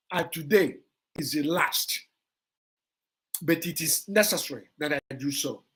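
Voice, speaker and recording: A woman with a Nigerian accent hosting a vlog, giving forceful, repetitive, lecturing commentary aimed straight at a rival. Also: mid-range voice. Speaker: vlog host. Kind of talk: impassioned livestream commentary.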